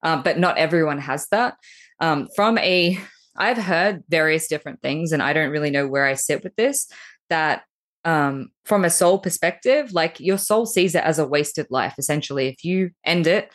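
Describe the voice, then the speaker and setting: A woman with a notably low voice talks as a podcast guest. She is blunt and emphatic, and she swears without hesitation. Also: normal speed. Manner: frank, emphatic, swears freely. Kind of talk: candid spiritual conversation.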